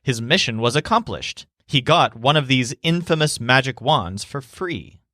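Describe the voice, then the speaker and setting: Calm man narrating a language lesson. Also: medium pitch, unhurried, no room sound, studio quality. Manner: calm, clear, pronounces Spanish words carefully. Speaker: language teacher. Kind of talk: scripted storytelling narration.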